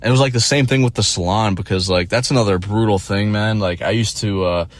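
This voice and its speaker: A man's voice: lowish voice, quick pace. A man in his twenties telling a story casually, rambling and profane with many restarts. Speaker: streamer.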